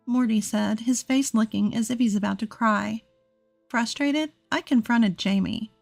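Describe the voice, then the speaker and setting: A woman narrating a scripted first-person family story in an earnest, steady manner. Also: on the high side, a little slow, gravelly. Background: faint music.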